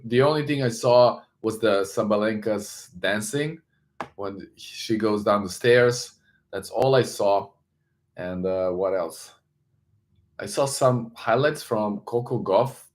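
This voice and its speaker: A man hosting a casual live stream, greeting viewers, reading the chat aloud and talking loosely with frequent restarts. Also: lowish voice.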